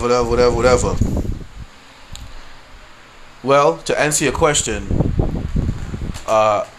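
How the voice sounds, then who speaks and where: A man's voice: mid-range voice, fairly bright tone, a little hiss or hum. A man hosting his own podcast, ranting casually, swearing freely and tagging lines with "you know what I mean". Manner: laughs through stories. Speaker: podcast host. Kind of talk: casual solo rant.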